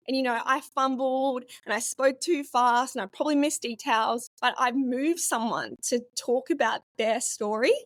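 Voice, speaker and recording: A woman's voice: high-pitched, normal speed, hardly any pauses, a bit bright, dry recording, clean studio sound. A young woman in her twenties, a pharmacist guest telling a personal story in an interview, earnest and open. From Australia. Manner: earnest, open, emotional at times.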